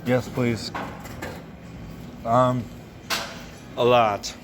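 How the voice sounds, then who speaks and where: A man's voice: mid-range voice, level tone, extremely slow, noisy background. A young man chatting casually in a vlog, loose and rambling, with plenty of fillers and cursing. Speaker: vlogger reviewing a film. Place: cinema lobby, then a car.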